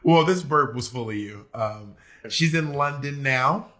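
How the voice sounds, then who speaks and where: Bright, teasing male podcast co-host. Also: mid-range voice, unhurried. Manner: swearing, teasing. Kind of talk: casual chat.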